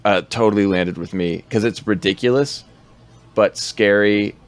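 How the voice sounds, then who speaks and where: A man co-hosts a film podcast at a moderate pace with a clean tone, chatting in a laid-back way about movies. He hesitates with some fillers and quotes lines in a low growl.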